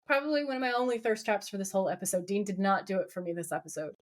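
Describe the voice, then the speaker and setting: A woman co-hosting a podcast, telling a TV episode as an animated story, acting out characters' lines and laughing often. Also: mid-range voice, racing. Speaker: podcast co-host. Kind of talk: casual recap chat.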